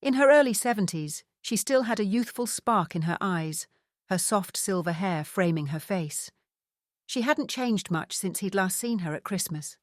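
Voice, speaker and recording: A woman's voice: medium pitch, animated, normal speed, dry recording. Woman narrating a novel, dry close sound. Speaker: audiobook narrator. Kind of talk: scripted narration.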